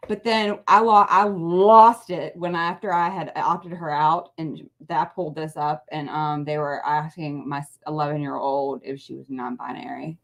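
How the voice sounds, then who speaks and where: Rambling lower-voiced woman talking politics. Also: fairly even intonation, moderate pace, few pauses. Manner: rambling, many restarts and fillers. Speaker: guest, parent advocacy co-founder. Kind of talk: casual political chat.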